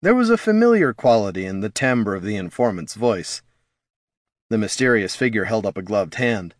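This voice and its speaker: A man's voice: lowish voice, normal speed, dry recording. Man narrating a fantasy story, dry. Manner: steady, storytelling delivery.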